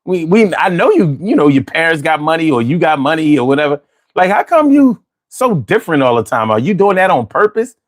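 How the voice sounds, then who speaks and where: Animated casual man, lively pitch. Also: fairly quick. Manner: animated, repeats words while telling stories. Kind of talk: casual storytelling chat.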